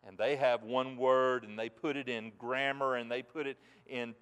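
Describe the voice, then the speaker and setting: A man preaching a sermon in a folksy way, dropping soft and then rising loud and emphatic, from a church pulpit. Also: mid-range voice, flat delivery, moderate pace, few pauses, smooth. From United States. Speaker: pastor. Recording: long reverb in a large hall.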